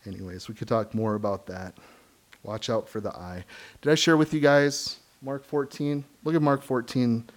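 Middle-aged guy preaching, emphatic, laughs a lot, middle pitch. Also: steady tone. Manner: earnest, emphatic preaching with frequent laughs and quick asides; acts out quoted voices of kids and believers. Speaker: pastor. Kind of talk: sermon.

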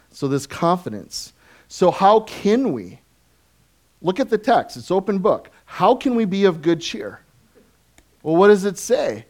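A pastor preaching a sermon in an animated way, asking the congregation questions and chuckling often. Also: male voice, fairly high pitch.

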